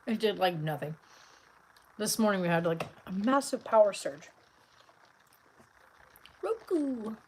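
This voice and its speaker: A woman's voice: mid-range voice, lively intonation, a little slow, long pauses, darkish tone, a little hiss or hum, poor audio. A middle-aged woman vlogging in a casual, rambling chat, tired and full of fillers, talking from a car.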